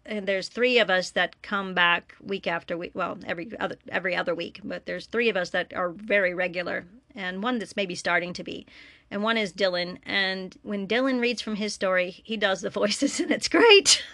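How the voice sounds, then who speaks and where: Bright-voiced chatty woman podcaster. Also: medium pitch, no echo, studio quality. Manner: chatty, self-deprecating, laughs often. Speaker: podcast host and story reader. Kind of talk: casual solo podcast chat. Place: room alone.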